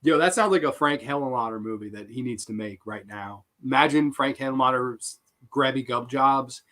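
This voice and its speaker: A man hosting a live horror trivia stream, reading questions and reacting to chat answers with excitable, swearing banter. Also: mid-range voice, moderate pace. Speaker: host.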